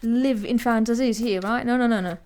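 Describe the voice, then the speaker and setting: A woman's voice: fairly high pitch, fairly quick, darkish tone, a little hiss or hum. A woman giving a casual, chatty tarot reading to viewers, teasing and laughing as she talks, often restarting her sentences. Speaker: tarot reader.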